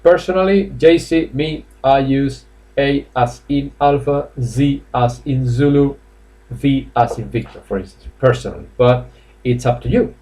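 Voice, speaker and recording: Spanish-accented man, mid pitch, teaching an online English class, chatty, coaxing students. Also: unhurried, warm tone. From Spain. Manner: chatty, coaxing, laughs often, many fillers. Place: classroom or office indoors.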